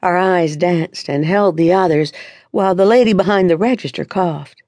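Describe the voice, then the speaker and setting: A woman's voice: on the low side, normal speed, a little mellow, no room sound. A woman narrating a first-person romance audiobook in an intimate, confiding way on a close studio mic.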